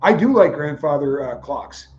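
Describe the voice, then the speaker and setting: A man's voice: on the high side, moderate pace, dull audio. A man co-hosting a livestream, telling stories casually and acting out the dialogue in quotes. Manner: animated, acts out dialogue in quotes. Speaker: co-host of a livestream. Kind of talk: casual storytelling chat.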